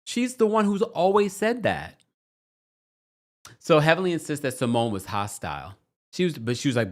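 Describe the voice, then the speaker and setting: A man's voice: lowish voice, expressive, normal speed. A man hosting a reality TV recap, reading viewer comments and giving sassy, dramatic commentary.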